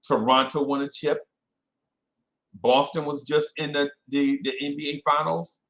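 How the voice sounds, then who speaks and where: A man hosting a casual fan podcast, animated and self-correcting, calling out listeners by name. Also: a little high, measured pace. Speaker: podcast host. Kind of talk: casual live-stream chat with fans.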